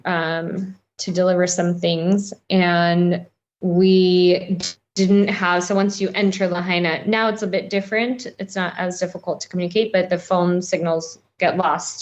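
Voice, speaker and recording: A woman guest on a podcast interview, recounting a personal experience in a rambling, halting way with many fillers. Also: lowish voice, a little mellow.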